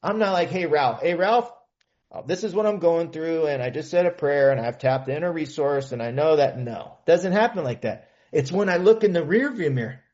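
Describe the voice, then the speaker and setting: A man's voice: a little high, animated, a little fast, few pauses, darkish tone, muffled recording. A man from California sharing his recovery story as a meeting speaker, in an earnest, casual storytelling manner with slang. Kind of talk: personal testimony talk. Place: meeting hall.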